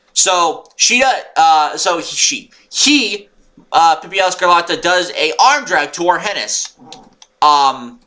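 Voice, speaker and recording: A man rambling through a wrestling show review, excitable and swearing, sometimes yelling when annoyed. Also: on the high side. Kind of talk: unscripted recap monologue.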